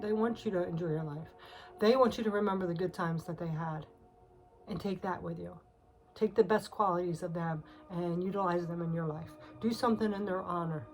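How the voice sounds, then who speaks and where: A woman's voice: lowish voice, low-quality recording. Teary woman giving a tarot reading. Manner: emotional, confiding, with frequent fillers and soft laughs. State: teary, on the verge of crying. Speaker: tarot reader. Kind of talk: casual spoken tarot reading.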